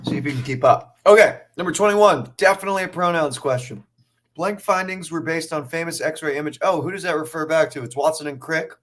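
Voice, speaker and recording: A man teaching a live online test prep class, thinking out loud through questions with energetic asides to his viewers. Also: a little high, brisk.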